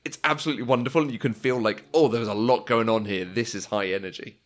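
A man's voice: mid-range voice, steady tone, fast talker. A man co-hosting a casual film discussion, talking with enthusiasm and often laughing. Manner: enthusiastic, laughs often, quotes lines in voices. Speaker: podcast co-host.

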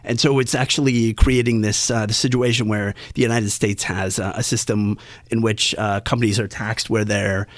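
Low-voiced man explaining, full of fillers. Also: flat delivery, normal speed, no room sound. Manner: hesitant, many fillers and restarts. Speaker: tax analyst guest. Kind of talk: explanatory interview answers.

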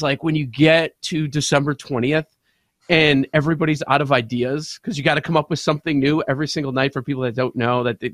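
A man's voice: medium pitch, a bit bright, no echo, studio quality. A man co-hosting a sports show, telling a rambling home story with frequent laughs. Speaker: co-host. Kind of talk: casual chat.

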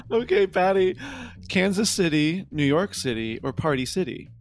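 A woman co-hosting a comedy podcast over a video call, laughing often and tossing off deadpan quips. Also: fairly low pitch, measured pace. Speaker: podcast co-host.

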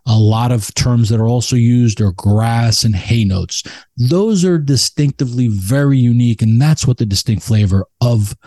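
A man talking casually in a low-key, mellow voice, stopping now and then to find the right word. The sound is close and dry, with no room around it. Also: normal speed, no room sound. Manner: thoughtful, restarts with "you know" and "um". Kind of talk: casual conversational explanation.

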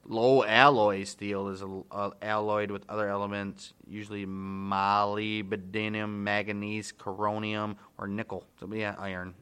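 A young man co-hosts a podcast, cracking jokes and swearing casually while reading out facts. His voice has a bright, sharp edge. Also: fairly low pitch, flat delivery, a little slow, few pauses, smooth. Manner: profane, wisecracking. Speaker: podcast co-host.

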